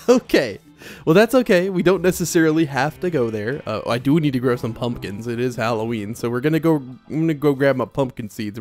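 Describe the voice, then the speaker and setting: A young man hosting a video game let's play, chatting casually and yelping with repeated words when things go wrong. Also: mid-range voice. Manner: animated, yelps and repeats himself when panicked. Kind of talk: excitable gameplay commentary. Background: soft game music.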